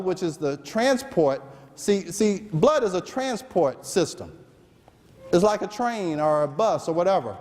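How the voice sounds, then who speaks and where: High-voiced Southern man lecturing a seminar. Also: in a large hall. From American South. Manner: joking, asks the audience questions and answers them. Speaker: physician lecturer. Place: seminar room.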